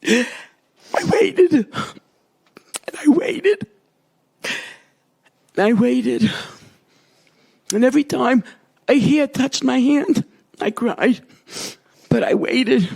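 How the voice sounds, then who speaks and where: A woman recounts a personal ordeal as testimony, with a husky, gravelly voice. She speaks slowly and dramatically, rising into cries and sinking to whispers. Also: sits high, darkish tone. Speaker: storyteller recounting a hospital ordeal.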